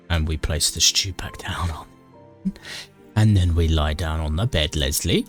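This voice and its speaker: A man's voice: a bass voice, a little slow, faint music behind. A man narrating a game playthrough in a dry, mock-dramatic comic style, often talking to his character. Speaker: gaming YouTuber narrating a playthrough. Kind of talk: comedic game commentary and narration.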